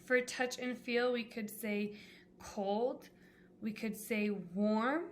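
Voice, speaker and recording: A woman's voice: fairly high pitch, steady tone, slow, a little hiss or hum. A woman teacher giving a classroom lesson, explaining patiently and step by step with examples.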